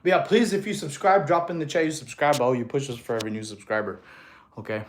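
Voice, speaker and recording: A man's voice: mid-range voice, quick pace, a little hiss or hum. A man in his thirties from Russia, streaming live as a fitness coach and chatting through viewer comments, a little out of breath after exercise. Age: 30s. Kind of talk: casual livestream chat.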